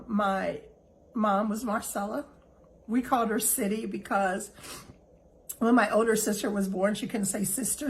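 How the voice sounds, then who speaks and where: A middle-aged woman hosting a heartfelt, reflective monologue. She speaks in a gentle, reassuring way and sounds emotional, close to tears. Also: fairly high pitch, low-quality recording. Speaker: host.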